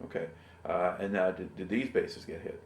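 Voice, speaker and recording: A man conducting an oral history interview, asking patient, steady questions and giving short affirmations. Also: deep voice, moderate pace, a little hiss or hum. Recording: roomy room sound.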